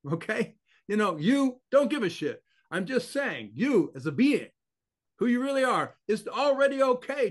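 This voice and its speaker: An older man speaks in a slightly raised register, teaching through casual interview talk. He is blunt and forceful in his phrasing, punctuating points with short rhetorical questions and a ready laugh. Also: high-pitched. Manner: emphatic, blunt, with frequent laughs and rhetorical check-ins. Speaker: consciousness teacher, guest.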